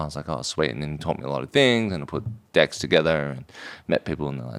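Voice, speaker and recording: A man's voice: very deep voice, lively intonation, racing, vocal fry, hardly any pauses. A man from Australia telling his business story in a casual podcast chat, rambling, with slang and swearing. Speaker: guest, drinks brand founder.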